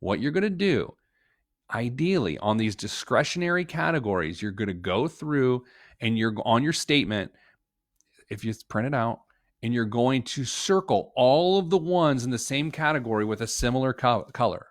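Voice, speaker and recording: A man with a mid-range voice walks viewers through a budget in a casual live-stream tutorial. He is chatty and joking, with lots of quick asides and restarts. The sound is dry and close, as if from a computer mic at a home desk. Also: medium pitch, dry recording. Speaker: financial planner teaching a live budgeting session.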